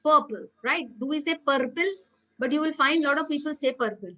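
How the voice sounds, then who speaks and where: A woman lecturer runs an online phonetics class over a video call. Her voice sits high and sounds bright and forceful. She coaxes her students patiently, asking them to say words back to her. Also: fairly even intonation, racing, highs cut off. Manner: patient, coaxing, asks students to repeat words.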